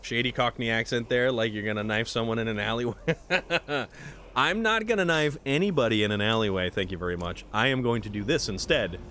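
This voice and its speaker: A man live-streams a game, speaking a little quickly with slight background noise as he chats with his audience and responds to on-screen events. He's animated, with a jumpy pitch that breaks into abrupt high-pitched outbursts.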